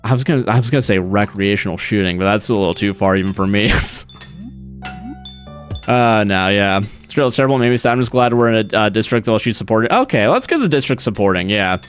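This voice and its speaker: A man's voice: on the low side, expressive, brisk. A young adult man from the US, a streamer chatting casually in a rambling, profane way and laughing often. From United States. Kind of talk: casual chat. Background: faint music.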